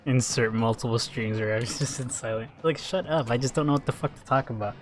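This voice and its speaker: A man's voice: medium pitch, fast. A man live-streaming a shooter game, talking off the cuff in a mid-range voice. He rambles loosely, swears a lot and laughs at his own stories. Faint music plays under his voice. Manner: rambling and swearing, with laughs and sudden excited yells. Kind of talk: casual live-stream chat while gaming.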